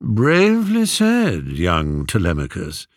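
A man's voice: deep voice, wildly swooping pitch, slow pace, no room sound, studio quality, voice pushed down, full character voice. Man putting on a drawling, mock-polite older suitor. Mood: condescending. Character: older mocking male suitor leader, condescending.

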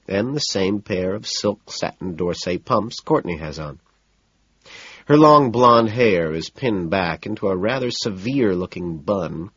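A man narrating an audiobook in the first person, with a measured, wry delivery. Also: sits low, husky, no echo. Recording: dull, muffled audiobook recording.

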